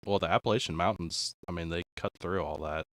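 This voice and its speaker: A man chatting casually on a stream, low-key and often trailing off into quiet asides. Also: brisk, no echo, clean studio sound. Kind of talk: casual chat.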